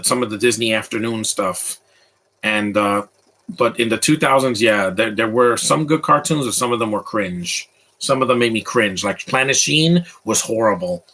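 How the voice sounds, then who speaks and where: A man's voice: on the low side, moderate pace, a bit bright, rough recording. A man in his thirties giving casual, opinionated live commentary over a movie, rambling with frequent restarts.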